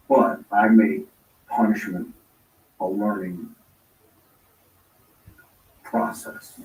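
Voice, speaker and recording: A man's voice: on the low side, slight background noise. A man telling a long personal story in casual talk, rambling and acting out the lines he quotes. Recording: roomy echo, distant from mic.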